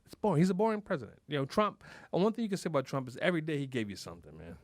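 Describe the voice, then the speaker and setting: A man hosting a podcast, rambling and joking in animated, profane casual chat. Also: on the high side, very fast, no room sound, clean studio sound. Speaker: podcast host.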